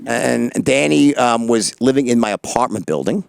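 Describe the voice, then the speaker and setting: A middle-aged man telling stories as an interview guest, in an animated, profane and rapid manner. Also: mid-range voice, gravelly, smooth, dry recording. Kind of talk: casual storytelling interview.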